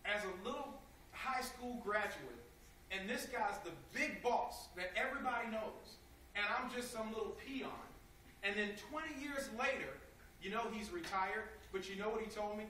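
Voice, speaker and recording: A man's voice: high voice, animated, moderate pace, bright, forceful tone, slight background noise. A man giving an emotional motivational talk to a live audience, telling stories and asking the crowd questions. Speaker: motivational speaker. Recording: echoey room, far from the mic.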